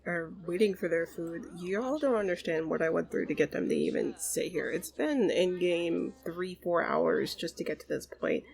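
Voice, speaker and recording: A woman's voice: on the low side, creaky, low-quality recording. A woman hosting a let's play, narrating a life sim game in a chatty, exasperated way.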